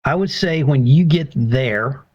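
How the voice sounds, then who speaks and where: Lively-voiced male game master. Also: medium pitch, a little slow. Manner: relaxed, encouraging, chuckles at players. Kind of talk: running a tabletop game. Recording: dull lo-fi recording.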